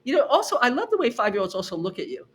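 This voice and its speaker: A middle-aged woman, guesting on a podcast as a professor, recounts classroom stories in a rapid-fire, slightly high voice with a breathy edge. Her storytelling is animated and conversational, full of student impressions and emphatic repetition.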